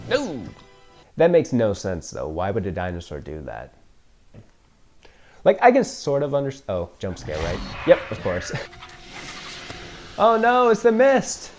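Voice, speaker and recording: A man riffing through a film he has never seen, with a mellow, low-toned voice that swings up and down a lot. He jokes, swears freely and laughs often. It is casual reaction commentary with dry sarcasm. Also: huge pitch swings, measured pace, pauses often, faint music behind. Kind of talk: casual first-time movie reaction commentary.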